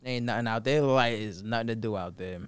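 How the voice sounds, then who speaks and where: A man's voice: medium pitch, brisk, clear, resonant tone, no room sound. A man with a New York accent, co-hosting a podcast in loose, profane casual chat. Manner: loose, profane, rambling with restarts. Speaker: podcast co-host.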